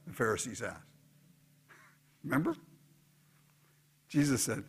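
Husky guy preaching, voice sits a bit high and jumps all over, goes quiet then loud. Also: unhurried. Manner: animated preaching, swings from quiet asides to loud exhortation. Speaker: pastor. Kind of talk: sermon.

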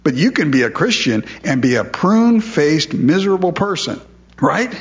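A man's voice: on the high side, big pitch swings, normal speed, lo-fi sound. A man preaching a sermon in a conversational way, asking his listeners questions and repeating words as he goes. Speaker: pastor.

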